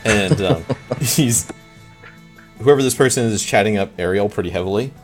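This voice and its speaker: A man narrating as game master, halting and full of ums and restarts. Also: fairly low pitch, music in the background.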